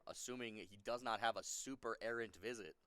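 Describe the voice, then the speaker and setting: A man's voice: fairly low pitch, a little fast, sharp tone, no echo. A man giving live color commentary on a darts match, analytical and repeating points for emphasis.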